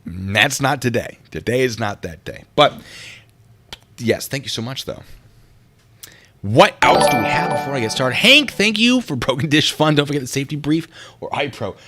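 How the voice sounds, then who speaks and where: A man's voice: medium pitch, normal speed, long pauses, a bit bright, faint music behind. A man hosting a casual livestream, rambling and easily distracted as he reads out and answers chat comments.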